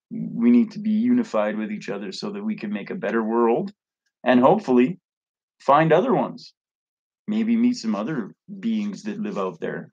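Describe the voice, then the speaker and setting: A man's voice: mid-range voice, lo-fi sound. A man ranting casually to camera as a vlogger, blunt, profane and rambling.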